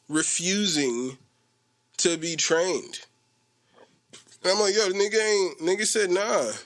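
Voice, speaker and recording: A young man telling a story in a casual podcast rant, animated and slangy, laughing often. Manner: animated, slangy, mimics coworkers with a low voice. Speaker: podcast host.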